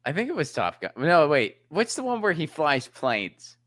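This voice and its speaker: A man's voice: fairly high pitch, normal speed, no room sound. A man guesting on a casual comedy podcast, exclaiming and poking fun at himself. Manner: animated, self-mocking, exclamatory. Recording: dry close sound.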